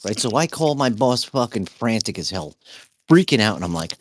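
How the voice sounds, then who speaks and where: Low-pitched man, casual podcast talk, profane, rambling storyteller. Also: expressive, a little fast, slight background noise. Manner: profane, rambling anecdote telling. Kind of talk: casual chat.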